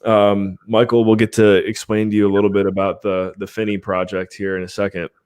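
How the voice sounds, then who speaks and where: A man's voice: lowish voice, little pitch movement, brisk, darkish tone, smooth. A man hosting a live podcast stream, chatting casually in an upbeat way and laughing often. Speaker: podcast host.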